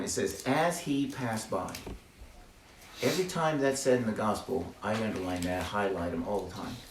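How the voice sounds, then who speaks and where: A man's voice: on the low side, slight background noise. Earnest older man, roomy and distant. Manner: earnest, preacherly emphasis with repeated phrases. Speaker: ministry speaker. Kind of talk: testimony talk to a small group.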